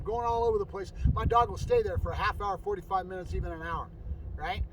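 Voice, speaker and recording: A man's voice: high-pitched, a bit bright. A man teaching dog training outdoors in an emphatic, informal way, often checking in with "right?". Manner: emphatic, keeps asking "right?". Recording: distant outdoor audio with faint traffic.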